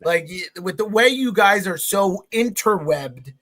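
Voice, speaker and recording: Male co-host, high bright voice, eager questioner. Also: animated, measured pace. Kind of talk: casual podcast chat.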